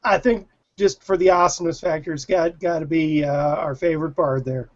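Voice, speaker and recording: A man's voice: on the high side, fairly even intonation, fairly quick. A man on a podcast panel, chatting casually with enthusiasm and casual swearing. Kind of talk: casual chat. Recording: lo-fi podcast audio.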